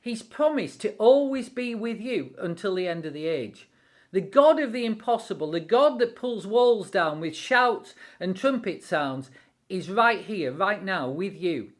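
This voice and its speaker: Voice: medium pitch, expressive, measured pace. A devotional speaker giving an encouraging sermon-style talk, acting out quotes with animation.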